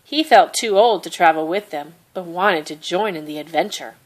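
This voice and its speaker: Woman, children's book read-aloud, lowish voice, gentle steady narration. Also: moderate pace. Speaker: storybook reader.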